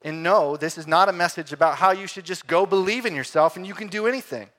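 A man preaching a sermon, swinging between loud emphatic lines and quiet, hushed ones. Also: high-pitched, fast talker.

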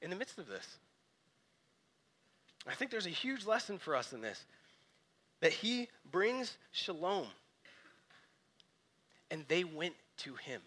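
Pastor, male, 30s, high bright voice, animated sermon delivery. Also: takes it slowly, long pauses.

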